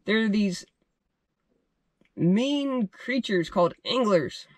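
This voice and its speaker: A man voicing a big, wise male bass fish who makes measured, solemn offers in a told fishing tale. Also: dry recording. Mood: pleading.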